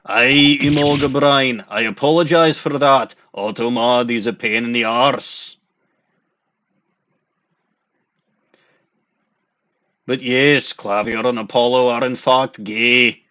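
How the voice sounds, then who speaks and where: A man's voice: mid-range voice, fairly even intonation, a little slow, hardly any pauses, sharp tone. A man voicing a joking, over-the-top Scottish character, full of "aye" and "laddie", with game music playing behind. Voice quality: exaggerated rolled Scottish vowels, "aye" and "laddie".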